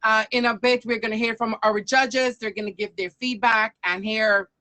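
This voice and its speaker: A woman with a bright, forceful voice hosts a storytelling event. She speaks briskly and keeps the show moving. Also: a little high, steady tone. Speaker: host.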